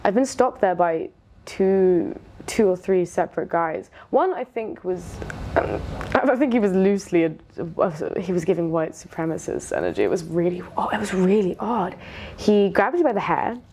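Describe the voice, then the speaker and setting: A woman's voice: lowish voice, moderate pace, warm tone, a little hiss or hum. Young woman, candid and reflective. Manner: reflective, hesitant, many restarts, laughs while retelling stories. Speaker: interview guest. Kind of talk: candid conversational interview.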